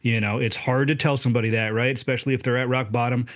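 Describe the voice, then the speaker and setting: A male podcast host with a voice of ordinary middle pitch. He talks in a relaxed, conversational way, often restarting and stumbling over his phrasing as he leads the interview. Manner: halting, many restarts, conversational.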